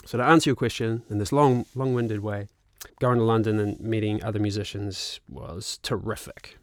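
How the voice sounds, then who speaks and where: A man in his thirties with a New Zealand accent, telling a long casual story as a podcast guest, animated, laughing and swearing freely. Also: on the low side, normal speed, no echo, studio quality. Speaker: guest musician and actor.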